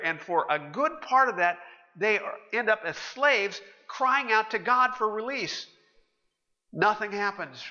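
A man preaching a sermon, telling stories with animation and acting out the voices of the people in them. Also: sits high. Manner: animated storytelling, acting out quoted characters. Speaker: pastor. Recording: muffled, with long hall reverb.

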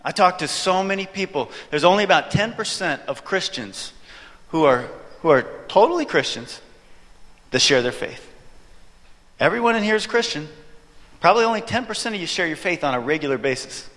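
High bright-voiced joking preacher. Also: male voice, brisk. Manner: animated, joking with the audience. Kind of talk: storytelling sermon. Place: church hall, before an audience. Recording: reverberant hall.

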